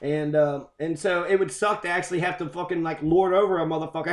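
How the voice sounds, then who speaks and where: A man with a high voice tears through a loose, excitable rant, cursing in nearly every line. His voice rings in an echoey room. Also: fast, few pauses. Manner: heavy swearing, loose and excitable. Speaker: commentator on quotes. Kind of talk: profane rambling rant.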